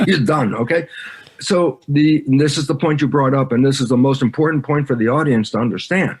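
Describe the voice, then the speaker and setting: A man's voice: mid-range voice, fairly quick, breathy edge. A man giving an interview, explaining ideas emphatically and acting out both sides of conversations as he tells stories. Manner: animated storyteller who acts out both sides of conversations. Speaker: guest speaker. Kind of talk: interview talk.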